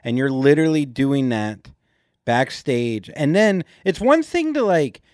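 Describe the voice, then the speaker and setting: A man co-hosting a podcast in casual chat, playful and quick to joke. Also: medium pitch, no echo, clean studio sound. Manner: animated, playful, joking. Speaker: podcast co-host.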